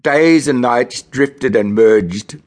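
A man from Australia reads a novel aloud in the first person, measured and grim. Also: medium pitch, a little mellow. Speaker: audiobook narrator.

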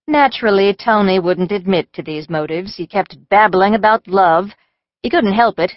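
A woman's voice: medium pitch, no room sound. A woman narrating an audiobook in the first person, with a wry, dry-humored delivery. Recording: slightly dull dry studio audio.

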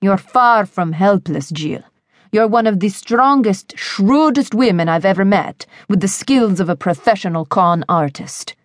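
A woman narrator voicing a powerful, intimidating man who speaks softly and calmly in a deep, husky voice with controlled menace. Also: a little slow, no echo, studio quality, natural voice. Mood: cold.

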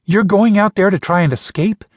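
A scared, snappish young woman in a sci-fi audiobook, as a male narrator lifts his voice for her. She quavers, swears and snaps back, pitched up high. It is close and bone-dry, like a voice booth. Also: moderate pace, dry recording. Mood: frightened, snappish. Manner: sharp-tongued, quavering, swearing. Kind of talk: audiobook character voice.

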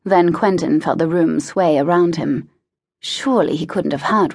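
A woman narrating a historical romance audiobook in a measured, even manner. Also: sits low, vocal fry, dry recording. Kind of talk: scripted narration.

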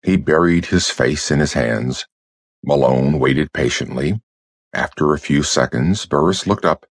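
A man narrating an audiobook in a measured, expressive storytelling manner. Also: extremely low pitch, husky, dry recording, studio quality. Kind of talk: scripted narration.

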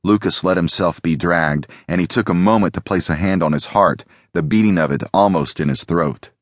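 Guy narrating an audiobook, really deep voice, dry close sound, steady pace. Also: moderate pace, no room sound.

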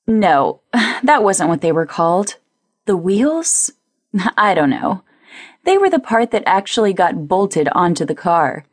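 A woman narrating a first-person audiobook in a lively, playful way on a close studio mic. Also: fairly low pitch, no echo.

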